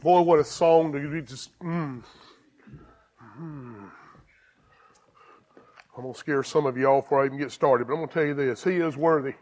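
A man preaching a sermon as pastor, excited and emphatic, repeating and restarting phrases. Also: on the high side, fast talker, hardly any pauses.

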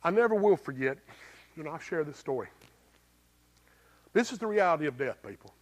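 A pastor preaching a sermon in a plain-spoken, folksy way, swinging between loud emphatic bursts and low, quiet lines and asking the congregation rhetorical questions. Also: male voice, big pitch swings, a little fast.

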